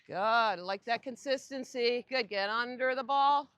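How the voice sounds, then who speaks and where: A woman coaching a group on an outdoor tennis court, giving lively directions and asking the group questions. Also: on the high side, a little slow, smooth, no echo.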